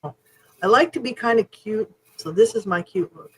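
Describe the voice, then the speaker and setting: A woman co-hosting a podcast in casual chat, frank and animated, swearing freely. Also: medium pitch, moderate pace, husky, low-quality recording. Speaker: podcast co-host.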